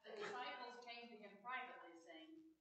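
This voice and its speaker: A woman in a class reading a long passage aloud in a steady, careful way. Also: a little high, normal speed, background noise. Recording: echoey room, far from mic.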